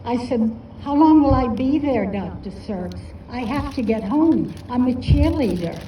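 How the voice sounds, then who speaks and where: An older woman with a fairly high voice tells a heartfelt personal story at a storytelling festival, slowly and earnestly. She sounds distant from the mic, in an echoey space, on a dull recording with a faint hiss behind her. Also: animated.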